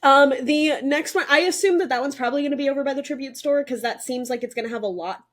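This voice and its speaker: Young woman co-host, eager and chatty, fairly high voice, casual podcast talk. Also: fast talker. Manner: excited, chatty, many fillers. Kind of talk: casual chat.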